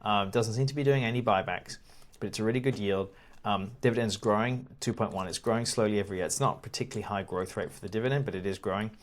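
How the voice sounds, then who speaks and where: A man with a lowish voice talks through stock reports on screen in a relaxed, teacherly way. He restarts and repeats words often and lets out the odd chuckle as he explains. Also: quick pace. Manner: casual, repeats words often, laughs now and then. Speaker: investing educator. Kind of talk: screen-share walkthrough.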